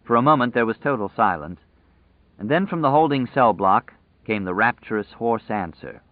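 A man narrating a story in a measured, vivid storytelling manner, over tinny phone-like audio. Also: mid-range voice, animated, dry recording. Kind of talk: scripted narration.

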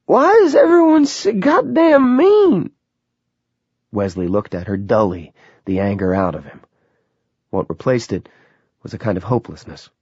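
This male audiobook narrator gives a lively, dramatic scripted reading of a novel. His voice sits fairly low and has a slightly rough texture. The recording is dry with no room sound, though it comes across dull and lo-fi.

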